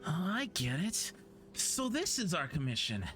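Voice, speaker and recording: A woman's voice: sits low, big pitch swings, normal speed, music in the background. A young woman from England with a southern English accent, chatting casually while live-streaming a game, giggly and self-deprecating.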